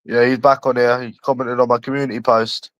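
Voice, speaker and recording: A man's voice: mid-range voice, little pitch movement, fairly quick, a bit bright, no room sound. A man from London chatting casually on a livestream, rambling and addressing a viewer by nickname.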